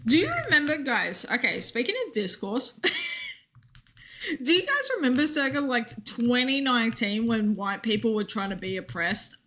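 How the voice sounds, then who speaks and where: A woman's voice: fairly high pitch, wildly swooping pitch, unhurried, pushed and bright. An Australian woman streaming a game, chatting casually in a jokey, rambling way and answering her chat.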